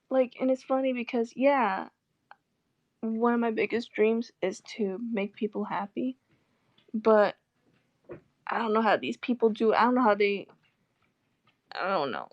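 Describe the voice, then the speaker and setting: Young female vlogger, candid and sarcastic, slightly high voice, dry close recording. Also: moderate pace, pauses often, no echo, highs cut off. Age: young adult. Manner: swearing, rambling, with sarcastic asides. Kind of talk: casual chat.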